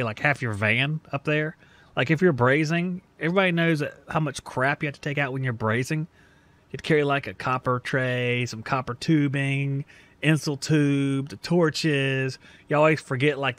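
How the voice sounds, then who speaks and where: A man from the American South talks through his podcast in a loose, joking, self-deprecating ramble. His voice sits a little high for a man. The sound is close and dry, with no room behind it. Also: no room sound. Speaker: podcast host. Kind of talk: casual monologue.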